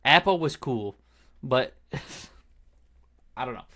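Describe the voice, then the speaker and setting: Bright-voiced man, rambling podcast chat. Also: mid-range voice, animated, slow pace. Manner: rambling, trails off and restarts mid-thought. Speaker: podcast host. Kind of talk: casual chat.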